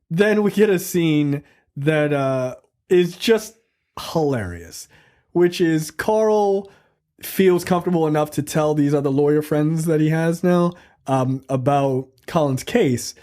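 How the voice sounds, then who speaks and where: A man's voice: fairly high pitch, takes it slowly, dark tone. A man co-hosting a film review podcast in casual, profane, joking chat, acting out quotes.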